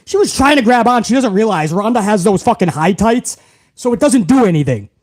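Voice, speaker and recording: A man's voice: sits high, lively intonation, fairly quick, a little mellow. A man hosting a wrestling show, ranting to his chat in a heated, mocking way and swearing constantly. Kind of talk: profane rant to a live chat.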